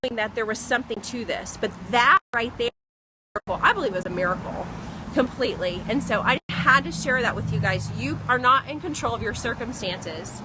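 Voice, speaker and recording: A pregnant woman telling a personal story in a casual vlog, recorded outdoors on a phone in the rain, animated as she retells what others said. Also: fairly high pitch, brisk. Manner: earnest, animated retelling with quoted dialogue. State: pregnant, second trimester. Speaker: vlogger. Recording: faint outdoor noise, rain.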